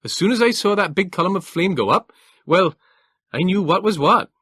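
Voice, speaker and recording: A man voicing a young, wiry, cheerful soldier with a clipped northeast English accent and a brisk, matter-of-fact way of talking. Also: high voice, expressive, fairly bright tone, slightly rough, dry recording, clean studio sound, pitched above the performer's own voice, full character voice.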